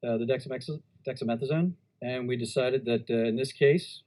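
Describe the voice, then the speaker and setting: A man who is a doctor, answering press questions in a halting, hesitant way with many restarts. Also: medium pitch, fairly even intonation, warm tone, low-quality recording. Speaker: physician at a press briefing.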